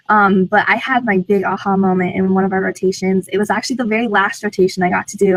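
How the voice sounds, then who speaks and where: A teenage girl speaks with bubbling enthusiasm, peppering her answers with "like." Her voice sits at a medium pitch. The sound is dry and close. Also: no echo, poor audio. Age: teens. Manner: enthusiastic, frequent "like" fillers. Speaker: program alumna. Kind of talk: interview answers.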